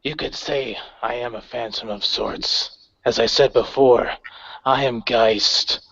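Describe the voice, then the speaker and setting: A man playing a grim, cold gang leader who speaks with measured, menacing calm. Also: medium pitch, breathy edge, dry recording, exaggerated voice. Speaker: player voicing his character. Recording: dry, dull lo-fi recording.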